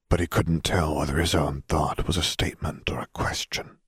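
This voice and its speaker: A man reading a fan fiction story aloud in slow, hushed dramatic narration. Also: a bass voice, fairly even intonation, breathy edge, dry recording, clean studio sound. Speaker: audiobook narrator.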